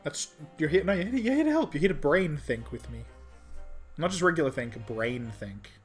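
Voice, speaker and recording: A man's voice: fairly high pitch, sing-song, moderate pace, faint music behind. A man streaming a game playthrough, chatting casually and joking in a rambling, self-mocking way.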